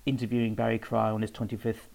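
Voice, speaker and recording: Rambling man with a gravelly voice. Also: on the low side, monotone, fast, darkish tone, low-quality recording. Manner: rambling and anecdotal, with fillers and self-corrections. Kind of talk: casual spoken talk about research.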